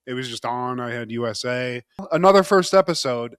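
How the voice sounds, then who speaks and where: A man's voice: medium pitch, lively intonation, a little fast, a bit bright, clean tone, no echo. Male podcast co-host, casual and jokey, medium voice, dry studio sound. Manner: laid-back, joking, swears casually. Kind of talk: casual chat.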